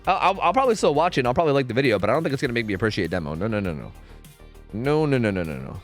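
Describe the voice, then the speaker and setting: A young man chatting on a gaming stream, rambling and restarting his sentences as he answers chat. His pitch rises and falls a lot, with faint music under him. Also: sing-song, rapid-fire. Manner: rambling, stumbles and repeats words, answers chat.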